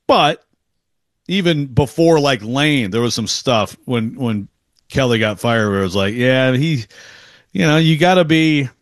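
A man's voice: medium pitch, animated, unhurried, no echo. A man from Western Michigan co-hosting a sports radio show, talking in a rambling, casual way with many restarts. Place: radio studio.

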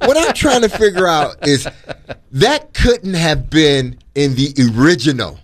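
Slow, drawling male sports co-host. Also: a little high, animated. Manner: drawn-out, incredulous, laughing. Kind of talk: casual sports talk.

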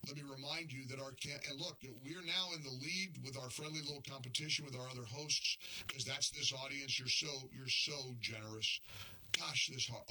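An older man hosting a talk radio show, launching into impassioned rants that climb toward near shouts, then easing into folksy appeals to his listeners. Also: medium pitch, a little hiss or hum, low-quality recording.

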